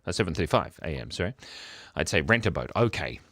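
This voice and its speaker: A middle-aged Australian man chats with his stream viewers in a hushed, jokey voice that still swings lively up and down. His tone sits low, and the sound is close and dry from a mic worn near his beard. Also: fast, no room sound. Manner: quiet, laughs often, playful. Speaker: livestream host. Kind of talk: casual chat reading viewer comments. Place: home, early morning. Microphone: microphone worn near the beard.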